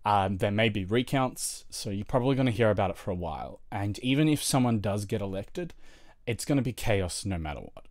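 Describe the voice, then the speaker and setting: Low-voiced Australian guy, rambling stream chat. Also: expressive, brisk, darkish tone, no room sound, clean studio sound. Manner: rambling, chatty, lots of fillers, laughs often. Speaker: livestreamer. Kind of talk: casual livestream chat while video editing.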